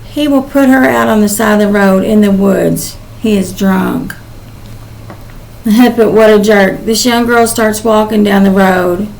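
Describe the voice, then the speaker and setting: A woman's voice: medium pitch, fairly even intonation, slow, vocal fry, darkish tone, slight background noise, rough recording. An older woman, a psychic channeler, giving a casual spoken reading in a rambling, emotional way with many "um"s.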